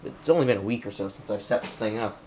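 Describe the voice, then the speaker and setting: A man's voice: fairly low pitch, fast, darkish tone, slight background noise. Rambling young guy unboxing a computer. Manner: rambling, talks to himself and the computer, easily frustrated. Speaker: tech vlogger. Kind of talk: casual unboxing commentary.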